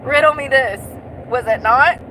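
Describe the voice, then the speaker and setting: A woman's voice: high-pitched, measured pace, bright, forceful tone, rough recording. A young woman chatting while she drives, joking, rambling and laughing often. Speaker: vlogger. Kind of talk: casual chat while driving. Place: inside a car. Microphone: phone. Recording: road and car noise. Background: car noise.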